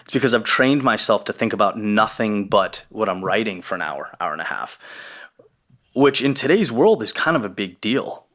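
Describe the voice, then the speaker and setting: A man talking as a podcast guest, thoughtful and halting, restarting his sentences as he works out his ideas. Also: fairly low pitch, lively intonation, fairly bright tone. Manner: reflective and halting, with many restarts. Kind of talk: casual conversation. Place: ranch.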